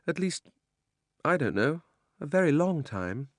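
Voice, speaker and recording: A man reading an audiobook, voicing a dreamy young girl with a high, airy, lilting voice. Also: very animated, unhurried, no echo, clean studio sound. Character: dreamy young girl, curious then anxious.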